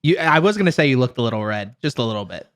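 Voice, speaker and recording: A man's voice: medium pitch, big pitch swings, rapid-fire, fairly bright tone. A young man co-hosting a podcast over a video call, easygoing and teasing in casual chat. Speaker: podcast co-host.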